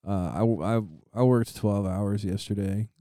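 A man's voice: lowish voice, steady tone, moderate pace, warm tone, no room sound, clean studio sound. A young man telling rambling stories in a casual chat with friends, laughing often.

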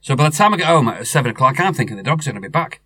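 A man's voice: mid-range voice, very animated, rapid-fire, pushed and bright, slightly rough, no echo. A middle-aged man, telling a rambling story in casual chat, with many restarts. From North West England.

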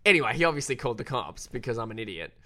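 Lively young Australian man telling a story. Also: very fast. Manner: animated, self-deprecating, jumps pitch when quoting. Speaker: filmmaker guest. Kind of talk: casual storytelling.

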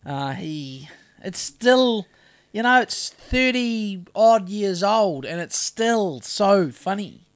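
A man's voice: sits high, expressive, clean tone. A middle-aged man with a New Zealand accent chats loosely on a podcast. He rambles, trails off, and restarts his sentences as he goes. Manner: rambling, halting, many restarts. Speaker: podcast co-host. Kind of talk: casual chat.

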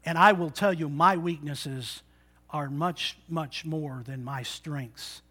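A man preaching a sermon, moving from quiet, intimate talk to loud exhortation and acting out the voices of people in his stories. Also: fairly high pitch, takes it slowly, breathy edge. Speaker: pastor.

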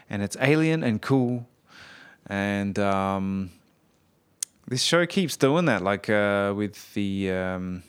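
A podcast host reviewing an episode in casual, rambling chat, full of fillers and self-corrections. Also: male voice, fairly low pitch, clear, resonant tone.

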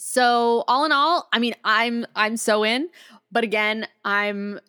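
A woman's voice: a little high, steady tone, slow, sharp tone, clear, resonant tone. A woman co-hosting a podcast in casual chat, enthusiastic and talking in long run-on thoughts. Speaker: podcast co-host.

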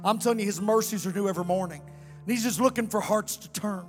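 A male pastor preaching a fiery sermon to a congregation, sometimes shouting and chanting his lines. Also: sits high, fast talker, big-room sound, faint music behind. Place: church sanctuary.

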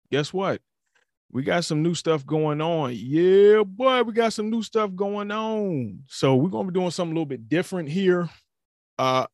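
Casting: young male podcast host, gravelly voice, dry close sound, rambling casual chat. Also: medium pitch, no echo. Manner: loose, rambling, full of fillers.

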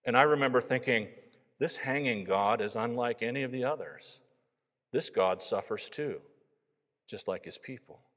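Eager viking guy, earnest and loud, as a preacher reads him, long reverb hall. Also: mid-range voice, expressive, normal speed, close to an everyday voice. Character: eager earnest Viking man, a new believer.

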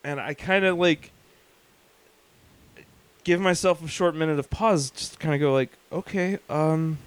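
A man, co-hosting a podcast, telling profane stories in an animated way with laughter. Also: on the high side, moderate pace, clear, resonant tone, no echo. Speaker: podcast co-host. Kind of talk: casual chat, storytelling.

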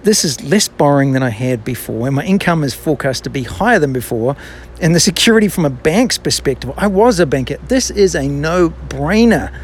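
A man's voice: a little high, lively intonation, a little fast, a little hiss or hum. A man, a business owner and former banker, telling a personal faith story in a candid, self-deprecating and reflective way.

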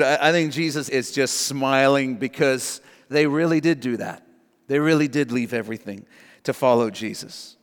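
A man's voice: on the high side, normal speed, a bit bright, long reverb tail. A man preaching a sermon as pastor, earnest and emphatic, repeating his key lines for the congregation.

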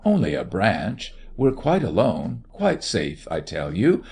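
A man playing a selfish, impatient gentleman who speaks gruffly and testily, dismissing his companion's fears. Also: fairly low pitch, wildly swooping pitch, slow, exaggerated voice. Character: selfish, impatient gentleman seducer, coarse and cross.

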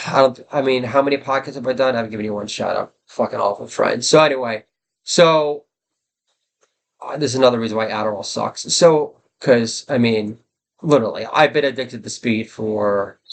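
In his forties, this podcast host and comedy writer speaks in a creaky, mid-range voice at a moderate pace. Alone on his own show, he rambles through crude, self-deprecating stories in a loose monologue.

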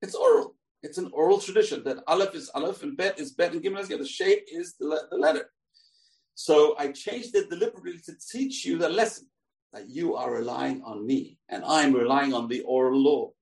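A man voicing a calm, fatherly old male sage, speaking gently and patiently. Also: fairly high pitch, brisk, gravelly, roomy sound, recorded from a distance, low-quality recording.

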